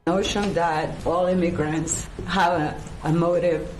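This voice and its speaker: A woman council member speaks haltingly and with emotion at a public meeting. Her voice is somewhat low. The echoey chamber carries clear background noise. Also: fairly even intonation, darkish tone.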